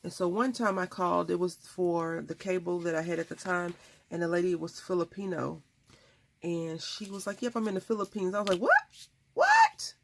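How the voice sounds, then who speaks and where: A US woman hosts a craft video, chatting casually and rambling through stories while she works. Her voice sits on the low side with vocal fry, fairly even intonation and a moderate pace, over slight background noise.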